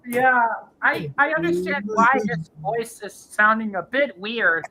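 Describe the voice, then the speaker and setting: A woman's voice: a little high, a crowd in the background. A woman hosting, chatting casually about voices and laughing often. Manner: giggly, slow and animated. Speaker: host. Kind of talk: casual chat reviewing voices.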